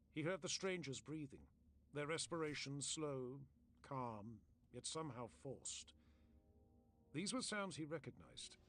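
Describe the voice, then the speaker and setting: Man narrating a story with a lively voice. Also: medium pitch, a little hiss or hum. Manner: steady, descriptive storytelling. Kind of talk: storybook narration read on a stream.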